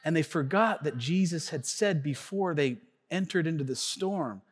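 Pastor in his thirties, storytelling sermon, lively and high voice, church hall echo. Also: moderate pace, husky. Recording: long hall reverb.

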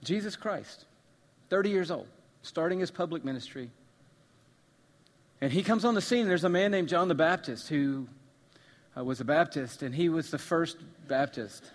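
High-pitched male pastor preaching, goes quiet then builds loud and repetitive, big echoey church hall. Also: expressive, moderate pace, long pauses. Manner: impassioned preaching that swells from hushed to loud, with emphatic repetition. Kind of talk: sermon. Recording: long reverb of a large hall.

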